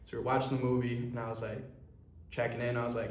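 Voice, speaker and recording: A man's voice: mid-range voice, little pitch movement, fast. Young man, earnest, rambling, lots of fillers, roomy echo. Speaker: clothing brand founder. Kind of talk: personal vlog monologue. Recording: echoey room.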